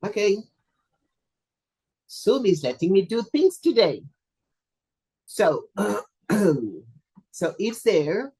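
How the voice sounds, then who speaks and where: A hoarse presenter, fighting a cough, wraps up an online teacher webinar in a loose, playful way. They joke at their own expense. The voice comes through a computer mic on a video call. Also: medium pitch, big pitch swings, very slow, pauses often, dark tone, poor audio. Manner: chatty, playful and self-deprecating. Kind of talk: casual online webinar wrap-up. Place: video call from a home or office.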